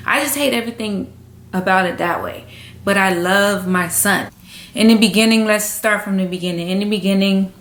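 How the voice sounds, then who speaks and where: A young woman talking frankly in a personal vlog at home, halting and emotional, with many fillers. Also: mid-range voice, a bit bright, slight background noise. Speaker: vlogger. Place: indoors at home. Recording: echoey room, faint ambience.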